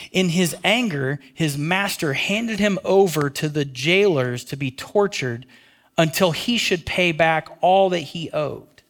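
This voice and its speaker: A man preaching a sermon in a conversational way, asking his listeners questions and dropping to a hush on key phrases. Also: on the high side. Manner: conversational, asks the audience questions. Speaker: pastor.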